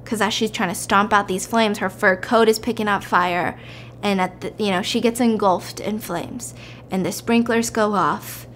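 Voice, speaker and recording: A woman's voice: medium pitch, normal speed, slight background noise. A woman hosting a podcast, casually retelling a film plot and acting out the quotes. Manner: animated, acts out the quotes. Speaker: podcast host.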